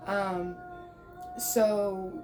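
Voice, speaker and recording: A woman's voice: mid-range voice, flat delivery, extremely slow, music in the background, rough recording. A woman in her thirties giving a casual tarot reading, chatty and reassuring, checking in often and now and then calling the listener "bro". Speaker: tarot reader.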